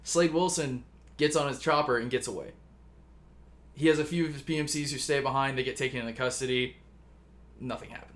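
A man chats casually, telling a long story with plenty of swearing. He rambles and jumps in to act out the characters' lines. His voice sits at an ordinary middle pitch. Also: a little fast, pauses often, a bit bright. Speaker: podcast co-host pitching a story.

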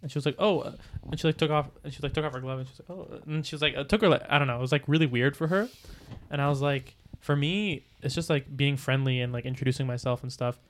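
A man's voice: mid-range voice, fast. A young man chatting casually on a podcast, rambling with lots of restarts and fillers. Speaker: podcast co-host. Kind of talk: casual chat.

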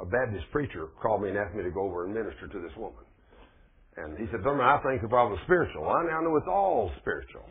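A man's voice: mid-range voice, breathy edge. A man preaching a folksy sermon, asking his congregation questions. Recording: tinny phone-like radio broadcast.

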